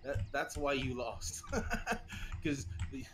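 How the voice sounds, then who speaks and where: A man's voice: medium pitch, big pitch swings, drawn-out words, noisy background. A man joking with a live-stream host in casual, teasing banter, laughing often.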